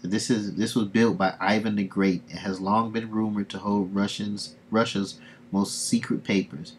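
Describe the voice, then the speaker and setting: A man's voice: on the low side, flat delivery, moderate pace, a little hiss or hum. A man hosting a casual livestream, reading comics aloud and chatting to viewers, often laughing between remarks. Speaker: livestream host.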